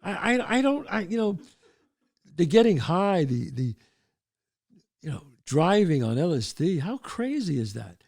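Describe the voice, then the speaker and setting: Older New man, high animated storyteller. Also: unhurried, gravelly, pauses often. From the Bronx, New York. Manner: animated, acts out voices in his stories. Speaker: host. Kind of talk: casual storytelling.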